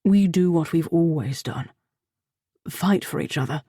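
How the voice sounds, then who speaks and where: A woman voicing a gruff, lovestruck barbarian man. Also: sits low, measured pace, mellow, no room sound, studio quality. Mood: tender.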